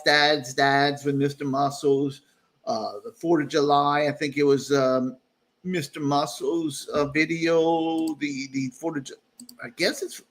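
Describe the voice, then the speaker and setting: His voice is a little high and a bit bright. As host of a casual video-call live stream, he rambles along, heavy on fillers and restarts, and keeps chuckling at himself.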